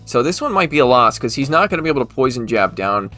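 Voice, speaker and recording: Fast-talking male game commentator. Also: mid-range voice, big pitch swings, sharp tone, soft background music. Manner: chatty, self-correcting, quick asides. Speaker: gaming channel host.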